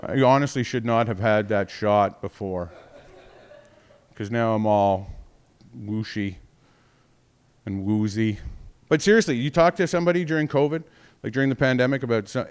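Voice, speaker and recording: Smooth-voiced rambling comic man. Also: mid-range voice. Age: 40s. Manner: rambling, profane, self-mocking. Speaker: stand-up comedian. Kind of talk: stand-up comedy set.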